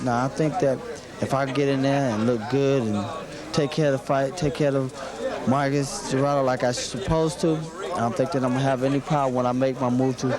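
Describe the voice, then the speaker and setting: Halting young boxer over crowd chatter. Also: male voice, mid-range voice. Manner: halting, repeats himself, plain earnest talk. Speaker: boxer being interviewed. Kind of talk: press conference interview answers.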